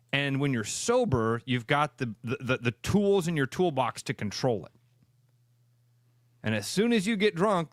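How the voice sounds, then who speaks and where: A man's voice: mid-range voice, no room sound. A man co-hosting a sports radio show, ranting bluntly and emphatically in crude, opinionated banter from a studio. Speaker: radio sports talk co-host.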